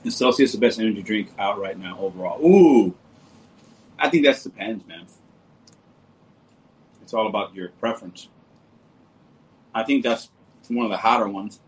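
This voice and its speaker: Male livestream host, relaxed and jokey, slightly low voice. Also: moderate pace, pauses often, slightly rough, low-quality recording. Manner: laid-back, joking, talks to viewers as brother and bro. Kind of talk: casual livestream chat reading comments.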